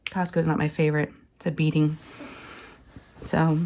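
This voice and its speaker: Crafting vlogger, woman, sick and hoarse, gravelly low voice, chatty and rambling, full of fillers. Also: normal speed, a little mellow. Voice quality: raspy, scratchy. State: hoarse from illness. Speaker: crafting channel host. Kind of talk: casual chat while diamond painting.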